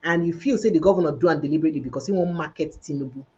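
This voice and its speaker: A woman's voice: sits low, rapid-fire, darkish tone, muffled recording, slight background noise. A Nigerian woman hosting a debate-style discussion who slips into Pidgin and presses her points hard. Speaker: show host.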